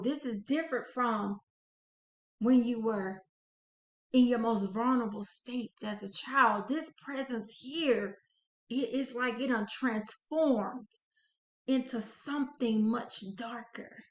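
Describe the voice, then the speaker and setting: A woman hosting an inspirational channel narrates a guided visualization slowly and dramatically, addressing the listener as "you." Her voice is a little high, and the room sounds echoey.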